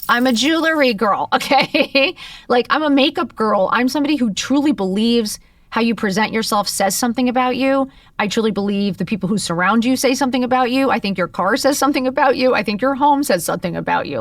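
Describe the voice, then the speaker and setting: A woman's voice: a little high, a little fast, dry recording, distant mic. A woman in her fifties hosting a podcast, telling a personal story candidly and expressively, full of "like" fillers and the odd curse. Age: 50s. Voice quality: expressive, with lots of "like" fillers and profanity. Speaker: podcast host.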